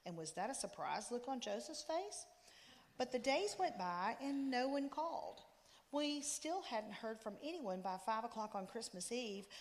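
A woman reading a story aloud with expressive storytelling. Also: on the high side. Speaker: story reader. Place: church. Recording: long reverb in a church.

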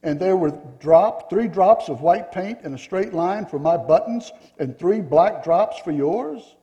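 A man's voice: sits high, expressive, unhurried, dark tone, long reverb tail, dull audio. A man voicing a pink wooden figure who keeps asking skeptical questions in a storybook reading. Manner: curious, skeptical, pressing questions.

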